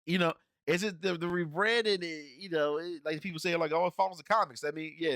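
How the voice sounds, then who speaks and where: A man's voice: on the high side, fast, few pauses, fairly bright tone, no room sound, studio quality. A man hosting a casual film review podcast, talking in a slangy, rambling way with lots of restarts. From Cincinnati area, United States. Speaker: podcast host reviewing films.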